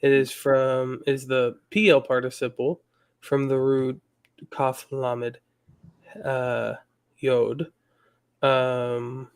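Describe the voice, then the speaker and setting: A man speaks at an unhurried crawl, pausing often as he thinks aloud through each answer. His pitch sits in an ordinary middle range, and he sounds like he is on a video call. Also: smooth. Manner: slow and hesitant, thinking aloud while parsing words. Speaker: student in an online language class. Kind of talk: casual online class discussion.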